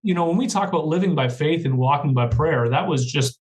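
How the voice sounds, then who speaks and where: A man's voice: on the high side, a little fast, rough recording. A man, a guest professor, talking earnestly in a podcast interview with many restarts.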